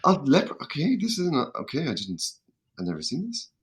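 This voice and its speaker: A man from Ireland, a podcast guest in casual chat, talking in a measured, hesitant way. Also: fairly high pitch, huge pitch swings.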